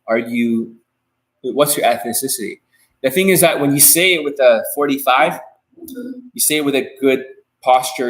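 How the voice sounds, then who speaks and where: Man, dating coach, live stream Q&A, blunt, swears a lot, rambling, repeats himself, mid-pitched voice. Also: a bit bright, poor audio. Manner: repeats and restarts phrases.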